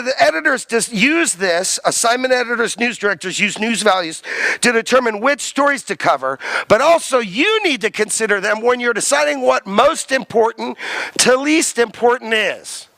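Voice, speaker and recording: A man's voice: very high voice, lively intonation, moderate pace, gravelly, pushed and bright, no echo. A man lecturing a college class, emphatic, quizzing students and repeating key terms.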